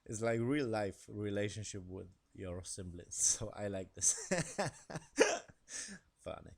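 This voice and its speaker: A young man with a deep voice talks through an episode in a loose, rambling review. His speech has a gravelly fry, and his English is non-native and casual. He swears freely as he goes. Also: lively intonation, slow pace, long pauses. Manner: rambling, swears often, laughs between remarks. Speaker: show reviewer.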